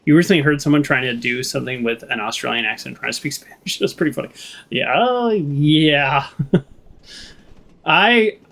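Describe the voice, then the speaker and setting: A man's voice: mid-range voice, lively intonation, moderate pace, creaky, a bit bright. A man with a West Coast American accent, rambling chattily as he plays and comments on a game. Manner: rambling, chatty, lots of fillers and laughs. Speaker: let's play streamer.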